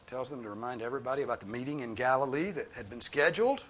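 A man preaching a sermon, earnest and pleading, repeating his points for emphasis and swinging from soft, low tones to loud, high ones. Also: expressive, rapid-fire. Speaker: pastor.

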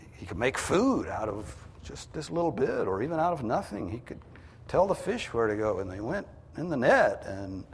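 A man preaching a sermon, emphatic, rising in pitch and force to drive his points home. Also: gravelly, big-room sound, a little hiss or hum.

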